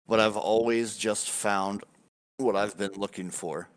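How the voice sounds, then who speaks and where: A man voicing a menacing vampire count with a growling, slow delivery. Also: lowish voice, steady tone, clean tone, natural voice. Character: vampire count, menacing old male noble.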